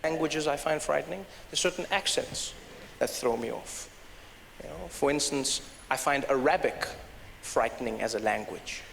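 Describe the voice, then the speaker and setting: A man performing stand-up comedy, telling stories in an animated way and slipping into accent impressions. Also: mid-range voice, moderate pace, gravelly, slight background noise. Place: live comedy stage. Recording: reverberant live venue with crowd ambience.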